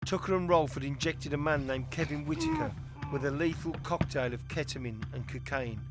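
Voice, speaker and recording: A man giving measured, scripted documentary narration. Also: on the high side, over music.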